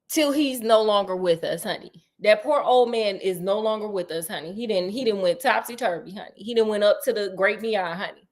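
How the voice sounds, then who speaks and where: A woman retelling a classic story in a casual, comic way, animated and slangy, talking right to her audience. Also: on the high side, moderate pace.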